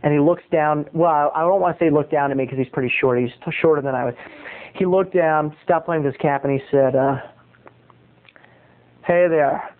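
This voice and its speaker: A man telling a comic story as a show host in a theatrical way, his voice often jumping up into high squeaks. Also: brisk. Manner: theatrical, with sudden high squeaky jumps in pitch. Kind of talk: comedic storytelling monologue. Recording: tinny lo-fi tape recording.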